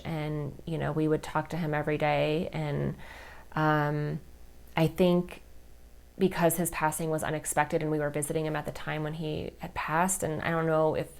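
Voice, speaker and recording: A woman hosting a podcast, telling a personal story in an open, emotional way, full of "like" and "you know". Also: deep voice. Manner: chatty, many fillers like "like" and "you know"; open and emotional about grief. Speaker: podcast host.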